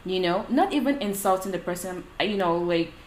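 A woman's voice: lowish voice, animated, moderate pace. A woman in casual conversation who talks about relationships and acts out quoted exchanges with energy. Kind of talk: casual chat. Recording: echoey room with faint noise.

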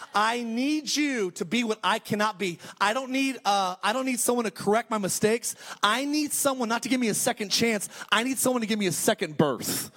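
A man preaching a sermon in a notably high voice. He drives his points home emphatically, circling back and restarting phrases as he builds. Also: a bit bright. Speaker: pastor.

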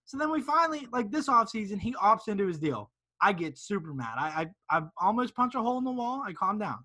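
A man's voice: high voice, sing-song, a little fast, sharp tone. A man co-hosting a casual sports podcast, ranting emphatically. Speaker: podcast co-host.

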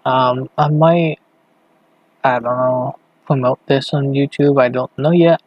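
Guy rambling on his late night podcast, halting, talks to himself while clicking around, dry close sound. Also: mid-range voice, steady tone, no echo, muffled recording. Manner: rambling and halting, thinking aloud while browsing. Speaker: podcast host. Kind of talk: casual late-night solo podcast talk.

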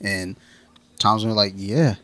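A man's voice: lowish voice, moderate pace, fairly bright tone. An American man co-hosting a casual podcast chat, joking, swearing and acting out quotes, laughing often. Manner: jokey, profane, acts out quotes, laughs often. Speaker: podcast co-host.

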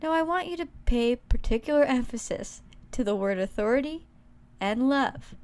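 A woman's voice: a little high, lively intonation, moderate pace, darkish tone. A young woman co-hosting a comedy podcast, running a quote quiz in a dry, teasing game-show manner.

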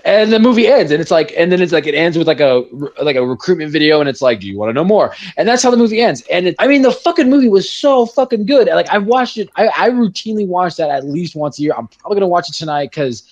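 Man, casual movie chat, profane, excitable, somewhat high pitch. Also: quick pace, hardly any pauses, muffled recording. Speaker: podcast co-host.

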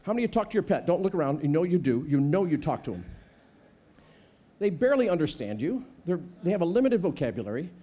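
A high-pitched man preaching to a church congregation as a guest speaker. He is animated and playful, slipping into little acted-out voices to make his points. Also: fast talker. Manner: animated, acts out voices with humor. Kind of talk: sermon. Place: church sanctuary.

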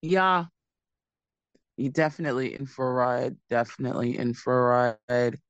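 Woman, podcast co-host, very low voice, repeats phrases, dull muffled sound. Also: normal speed, no echo. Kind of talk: casual TV recap chat.

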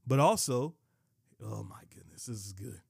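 A man's voice: medium pitch, wildly swooping pitch, moderate pace, creaky, darkish tone, breathy edge, dry recording, clean studio sound. A man preaching a sermon, emphatic, repeating key phrases and reading scripture aloud. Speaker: pastor.

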